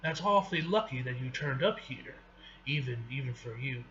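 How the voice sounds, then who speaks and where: A man's voice: medium pitch, expressive, moderate pace, fairly bright tone, natural voice. A man doing a drawling roguish thief. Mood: guarded. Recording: dull lo-fi recording with faint hiss.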